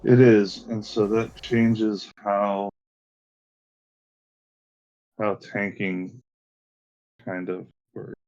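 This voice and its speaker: Raid leader on voice chat: low, gravelly man with a calm, directing manner, on dull lo-fi stream audio. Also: drawn-out words, pauses often. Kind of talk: casual voice chat while gaming.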